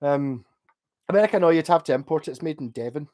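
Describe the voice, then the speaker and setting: A man's voice: on the high side, quick pace, darkish tone. A chatty man streaming from home late at night, a few drinks in and rambling cheerfully. He hops between topics, reads out viewers' messages and breaks into easy laughs as he goes. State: drunk. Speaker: livestreamer. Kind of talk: casual livestream chat, reading out chat.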